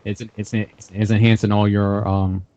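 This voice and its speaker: A man's voice: lowish voice, flat delivery, normal speed, a little mellow, no room sound. A man co-hosting a casual gaming podcast, rambling and laughing as he tells stories. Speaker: podcast co-host.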